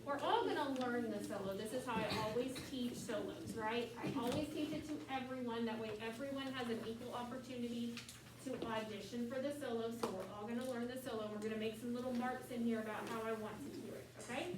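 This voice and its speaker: A woman leads a choir class with a fairly high voice, walking students through their music and chanting lyrics slowly. She sounds far from the mic in an echoey classroom with steady background noise. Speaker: choir teacher.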